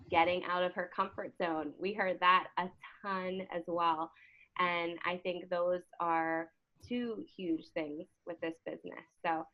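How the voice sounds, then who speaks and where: A woman hosting a team call, effusive and emotional, praising a guest with many fillers. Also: on the low side. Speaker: host and team coach. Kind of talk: casual talk on a team video call. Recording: dull lo-fi call audio.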